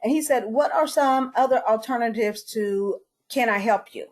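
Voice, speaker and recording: A woman's voice: on the high side, normal speed. A woman moderating a webinar, thanking the speaker and reading out an audience question.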